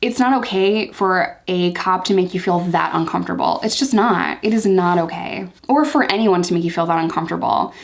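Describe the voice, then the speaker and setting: A woman's voice: on the low side, fairly quick, creaky, few pauses. A young woman in a casual story-time vlog, talking candidly and emphatically and repeating herself for emphasis. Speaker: vlogger telling her life story.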